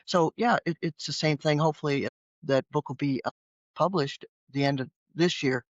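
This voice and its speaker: Woman, interview guest, animated storyteller, acts out dialogue, dry, lo-fi audio. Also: low voice, normal speed, no echo. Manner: animated, acts out voices in her anecdotes. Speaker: guest author and former teacher.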